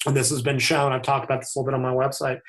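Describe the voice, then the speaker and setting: A man's voice: medium pitch, level tone, very fast, a bit bright. A man guesting on a podcast, talking frankly and reflectively in loose conversational sentences that often restart. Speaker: podcast guest, fitness author. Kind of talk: candid conversational interview.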